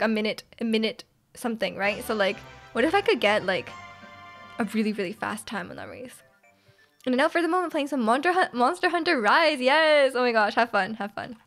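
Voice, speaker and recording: A high-pitched woman streams a game live, cheering and laughing as she plays and reads out chat messages. Faint game music plays behind her voice. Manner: excitable, reads chat aloud, laughs often.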